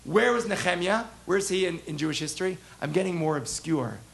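Man, rabbi teaching a class, high voice, gravelly, animated, asks questions. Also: brisk. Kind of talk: interactive text lesson.

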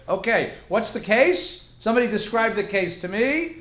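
Brief: man, rabbi teaching a class, joking and animated, fairly high voice, echoey room. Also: moderate pace, hardly any pauses. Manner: animated, joking, drops Yiddish words. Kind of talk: lively lecture to a live class.

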